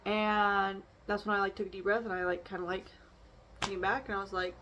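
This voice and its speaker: A woman's voice: mid-range voice, flat delivery, fairly quick, noisy background. A young woman casually talking through an oracle card reading and her feelings, rambling, with frequent fillers and restarts. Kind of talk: casual reflective vlog.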